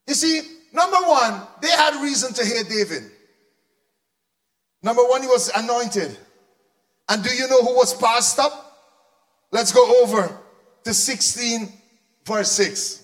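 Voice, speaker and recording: A man preaching a sermon, animated, shouting for emphasis and asking the congregation questions. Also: very high voice, unhurried.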